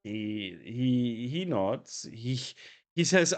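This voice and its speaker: A man narrating a tabletop game as game master, halting and repeating words often. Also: mid-range voice, sing-song.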